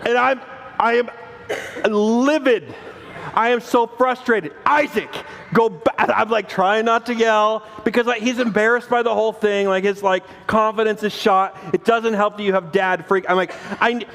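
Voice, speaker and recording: A man in his forties preaching a sermon, telling a family story with animated acted-out dialogue and self-mocking laughter. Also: high-pitched, normal speed. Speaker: pastor. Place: church sanctuary. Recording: long reverb of a church hall.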